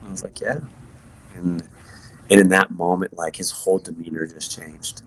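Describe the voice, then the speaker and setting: A man, a podcast guest, telling his personal story in an earnest, halting way with many fillers and restarts. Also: deep voice, level tone, fairly bright tone. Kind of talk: personal testimony in conversation.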